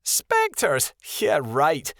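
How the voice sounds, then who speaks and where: A man's voice: fairly high pitch, huge pitch swings, drawn-out words, creaky, a bit bright, no room sound, clean studio sound, voice pushed up, full character voice. A man voicing a proud, boastful young she-wolf in a fantasy audiobook. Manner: boastful, snappish.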